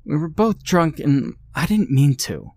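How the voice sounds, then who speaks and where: A man's voice: a little high, big pitch swings, measured pace, creaky, voice pushed up, exaggerated voice. A man doing a remorseful, begging mother. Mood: pleading. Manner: soft, pleading croon.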